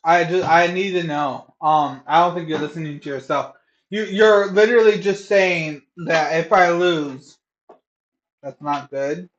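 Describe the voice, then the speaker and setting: A man streaming live, reacting in a heated, profane rant that keeps bursting into shouting. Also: a little high, moderate pace, muffled recording.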